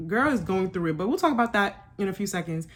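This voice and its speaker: A woman's voice: medium pitch, fast. Sassy young woman recapping reality TV. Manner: sassy, animated, laughing asides. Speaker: reality show reviewer. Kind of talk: casual recap commentary.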